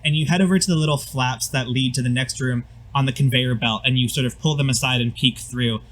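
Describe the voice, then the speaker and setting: A man's voice: medium pitch, steady tone, fairly quick, a bit bright, low-quality recording. Guy game master narrating the scene, rambly with lots of um and like. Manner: loose, filler-heavy description.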